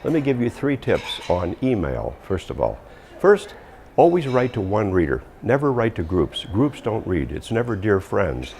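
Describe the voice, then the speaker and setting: Very deep, gravelly-voiced man coaching. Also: big pitch swings, normal speed, hardly any pauses, a little mellow, slight background noise. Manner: emphatic, drops pitch firmly on endings. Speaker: communication coach. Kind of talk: instructional talk.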